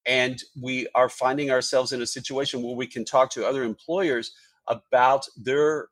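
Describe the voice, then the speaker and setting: A man speaks as an HR executive guest on a podcast, with a measured, corporate delivery full of small fillers. His voice sits at an ordinary middle pitch. The recording is dry and close, with no room sound. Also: fairly even intonation, fairly bright tone, dry recording. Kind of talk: podcast interview answers.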